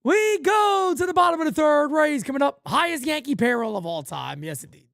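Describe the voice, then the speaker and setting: A man's voice: very high voice, animated, fairly quick, creaky, a bit bright, dry recording, studio quality. A man hosting a live play-by-play stream, calling the game with sarcastic, exasperated fan commentary. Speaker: host.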